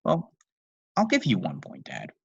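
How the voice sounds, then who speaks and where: A man voicing a deadpan, sarcastic little genius girl who speaks in a precise, dry way. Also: low voice, measured pace, gravelly, breathy edge, dry recording, highs cut off, heavily acted.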